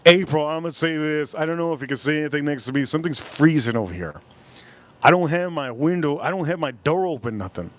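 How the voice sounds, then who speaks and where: A man's voice: a little high, animated, fast. A man with a Miami accent hosting a casual live stream, rambling and stretching his words out as he reads chat. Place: cold room at home.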